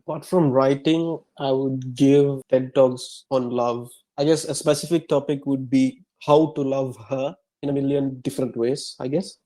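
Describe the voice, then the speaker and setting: A young man from Sri Lanka, an author answering interview questions casually, soft-spoken and halting. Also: mid-range voice, steady tone, poor audio. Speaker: author guest.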